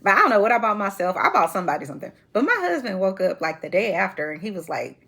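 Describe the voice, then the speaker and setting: A woman in her forties hosting a reality TV commentary chat, sassy and animated, laughing often as she talks. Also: medium pitch, fast, gravelly, slightly rough. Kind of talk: casual chat.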